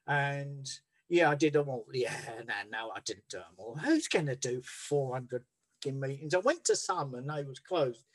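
A man's voice: mid-range voice, normal speed. A man telling his recovery story in a blunt, rambling way, swearing freely and restarting his sentences. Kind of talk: candid personal storytelling.

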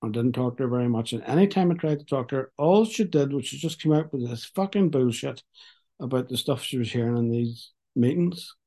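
A man talks through his story at a recovery meeting. His voice is mellow and of middling pitch, and he speaks frankly with a wry, halting edge. He comes through a video call. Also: animated. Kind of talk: personal testimony.

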